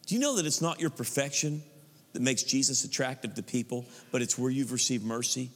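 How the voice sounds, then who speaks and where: A man preaching a sermon as pastor, animated, now and then mocking stiff churchy prayer voices. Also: mid-range voice, brisk, big-room sound.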